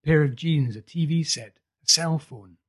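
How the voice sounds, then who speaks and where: Guy reading sweaty young prophet dude, husky, pushy and loud-ish. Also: a little high, normal speed. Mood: urgent. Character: feverish young male prophet, intense and urgent.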